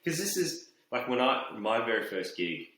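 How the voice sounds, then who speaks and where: A young man, a comedian, telling stories in a jokey, animated way. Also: mid-range voice, moderate pace. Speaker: guest comedian. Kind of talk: casual chat, storytelling. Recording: very echoey room.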